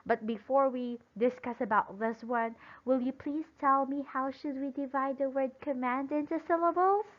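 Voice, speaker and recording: A woman teaching an English lesson slowly and emphatically, pausing for imagined answers and praising them. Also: high voice, fairly even intonation. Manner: praising and drawing out example words. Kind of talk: recorded classroom-style lesson. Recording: dull lo-fi sound.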